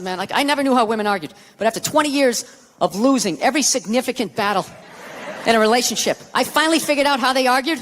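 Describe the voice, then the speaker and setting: Brief: American man, middle-aged, stand-up, high, sarcastic profane rant, loud audience behind. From United States. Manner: profane, sarcastic ranting with mock voices. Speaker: stand-up comedian. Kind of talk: stand-up routine. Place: live comedy stage before an audience. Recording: live show with loud crowd noise.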